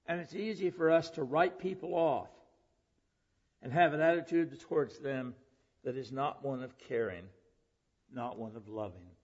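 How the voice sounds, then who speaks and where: A man's voice: mid-range voice, normal speed, a little mellow, husky. A man preaching a sermon, earnest, who often asks the listeners questions. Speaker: preacher and public school teacher. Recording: dull lo-fi sound with long hall reverb.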